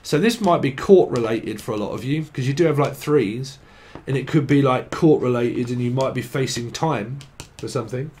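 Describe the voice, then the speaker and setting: A man's voice: mid-range voice, normal speed, darkish tone. A man giving a casual tarot reading, rambling and swearing, now and then breaking into sing-song chanting. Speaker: tarot reader. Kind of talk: casual psychic reading monologue.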